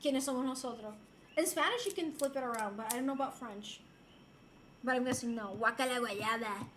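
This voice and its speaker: A woman's voice: fairly high pitch, brisk, a bit bright, a little hiss or hum. A woman from Puerto Rico streaming and chatting casually with viewers, playful and giggly, dropping in Spanish and French phrases. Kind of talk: casual chat reading viewer messages.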